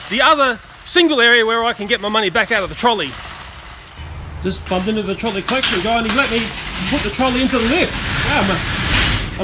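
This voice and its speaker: Australian man, vlog to camera, very high voice, indignant rant, faint background noise. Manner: animated, ranting, indignant. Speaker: vlogger. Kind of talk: casual vlog, talking to camera. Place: shopping centre, car park and store.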